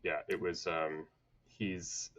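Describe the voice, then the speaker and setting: Low-voiced man telling stories casually. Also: slow, lo-fi sound. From United States (grew up in Atlanta). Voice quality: relaxed, laughs often while telling stories. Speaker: podcast guest, designer. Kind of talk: casual conversational storytelling.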